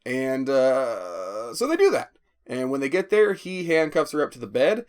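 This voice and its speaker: A man's voice: medium pitch, huge pitch swings, a little slow. A man giving a rambling, profane spoken movie review, often stammering and restarting. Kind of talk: casual spoken film review.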